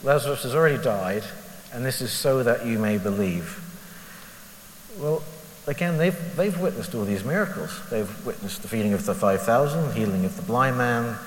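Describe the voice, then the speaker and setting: A man with a mid-range voice, animated and at normal speed, thinks aloud about scripture as a lay preacher in a conversational Bible reflection. He's candid and self-deprecating and asks rhetorical questions, his voice ringing around a large hall with a long reverb tail over faint hiss.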